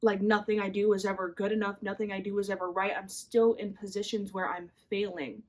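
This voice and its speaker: Young adult woman, podcast host, confessional solo monologue, candid, rambling, filler-heavy, mid pitch. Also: fairly even intonation, fairly quick, a little mellow.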